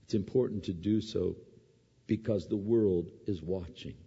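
Man in the pulpit with a mellow, slightly husky low voice, preaching in a chatty way with emphatic swells, recorded dull in an echoing hall. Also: measured pace. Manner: conversational preaching, rising to emphatic peaks, then dropping to soft asides. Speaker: pastor. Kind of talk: sermon. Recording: dull lo-fi sound with long hall reverb.

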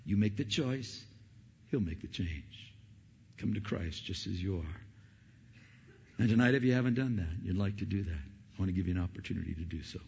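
Gravelly preacher man in a reverberant hall. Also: lively intonation, normal speed, pauses often, dull audio. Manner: impassioned, rising to loud questions, then dropping low and soft. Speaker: pastor. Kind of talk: evangelistic Christmas sermon. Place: church sanctuary.

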